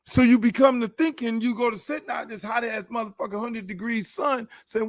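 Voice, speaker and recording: A man's voice: very high voice, steady tone, fairly quick, hardly any pauses, no room sound, clean studio sound. A man who is a show host and football coach, venting in a heated, profane, repetitive rant. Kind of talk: casual ranting monologue.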